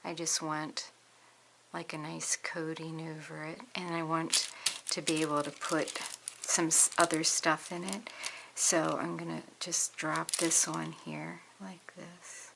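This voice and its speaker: A woman talking through a crafting tutorial in a relaxed, chatty way, thinking aloud as she works. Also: deep voice, takes it slowly, vocal fry, background noise. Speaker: crafter demonstrating a project.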